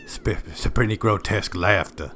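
A man's voice: lowish voice, fairly quick, bright, forceful tone, a little hiss or hum. A man playing a tabletop game in casual chat, often hesitant and stammering. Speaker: player. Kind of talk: casual role-play chat.

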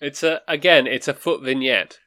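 A man's voice: mid-range voice, moderate pace, bright, forceful tone. A man making short casual interjections in a chat about a movie. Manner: brief dry interjections. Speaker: podcast co-host.

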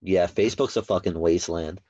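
A man's voice: low voice, fairly quick, mellow, no echo, dull audio. A man co-hosting a podcast, dropping dry, cutting quips with some swearing. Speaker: podcast co-host. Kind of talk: casual podcast banter.

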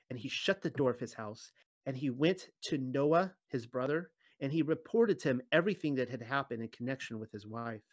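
Guy reading scripture out loud, chatty asides in between, dry close sound, middle pitch. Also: no echo. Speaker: Bible teacher. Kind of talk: reading scripture aloud with commentary.

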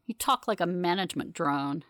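A woman's voice: mid-range voice, expressive, normal speed, dry recording, lightly acted. A woman voicing a haughty, disdainful corporate woman with an imperious, sneering, dry manner.

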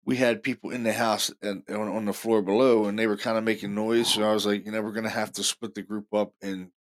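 A man hosting a paranormal show, telling stories casually in an excited, rambling way full of fillers and restarts. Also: lowish voice, fast. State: deaf in left ear. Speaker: paranormal podcast host. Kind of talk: casual storytelling monologue.

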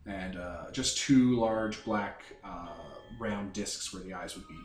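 A man narrates a tabletop game as its game master, rambling and hunting for words as he describes the scene. His voice sits on the low side and is heard from a distance in an echoey room, with faint music in the background. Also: takes it slowly, slight background noise. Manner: rambling, full of fillers and restarts.

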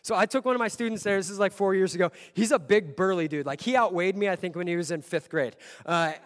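A man preaching a sermon as pastor, telling a story with a voice that swells from quiet to loud. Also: high-pitched, quick pace. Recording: long hall reverb.

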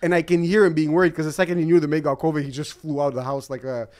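Higher-voiced man chatting earnestly. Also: level tone, racing, darkish tone. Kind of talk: casual chat.

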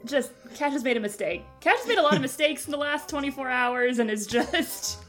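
A woman's voice: high-pitched, expressive, fairly quick, a bit bright. A woman playing a tabletop game with teasing, giggly banter, over faint music. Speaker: player.

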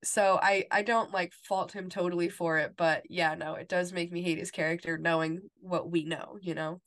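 A young woman with a lowish voice chats casually on a podcast. She retells scenes at length, quoting the characters' lines in a soft, flat read. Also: normal speed. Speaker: podcast co-host. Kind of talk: casual chat recapping a TV episode.

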